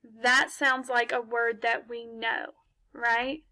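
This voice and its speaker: A woman teaches young children phonics over a laptop mic. Her voice sits high and bright, and she moves slowly and patiently. She poses questions and answers them herself in an encouraging way. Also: flat delivery.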